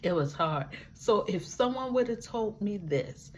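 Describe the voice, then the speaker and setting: Her voice is medium in pitch and darkish in tone, with lively intonation and a measured pace, and the clip carries a faint hiss or hum. She's a vlogger living with a disability and using a wheelchair, giving a personal testimonial to camera in an emphatic style full of repeated words and folksy asides.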